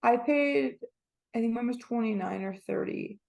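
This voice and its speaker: A woman's voice: fairly high pitch, normal speed, creaky, a little mellow. A young woman co-hosting a podcast, telling stories in casual chat and acting out what people said. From Orlando area. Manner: chatty storytelling, acts out quotes. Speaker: podcast co-host.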